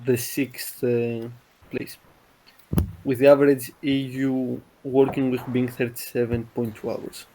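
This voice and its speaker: A man's voice: medium pitch, flat delivery, measured pace, dark tone. A man from Greece co-hosting a casual podcast, arguing his point and reciting statistics. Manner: argumentative, cites figures. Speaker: podcast co-host. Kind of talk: casual group chat.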